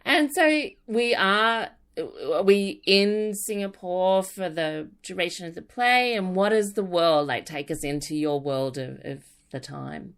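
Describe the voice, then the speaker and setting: A woman's voice: lowish voice, a little slow, few pauses, clear, resonant tone. A woman hosting an interview, asking chatty, playful questions. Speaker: radio host. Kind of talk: casual interview chat.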